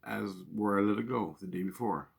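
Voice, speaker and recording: A man's voice: fairly low pitch, a little fast, vocal fry, husky. A man casually telling a personal spiritual story, swearing freely and talking in an earnest, conversational way.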